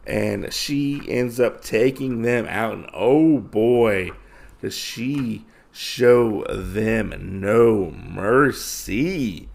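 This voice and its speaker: A man's voice: lowish voice, extremely slow, creaky, darkish tone. A man hosting a podcast, casually retelling a comic story with loose, enthusiastic phrasing and many fillers. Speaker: podcast host. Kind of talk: casual comic book recap.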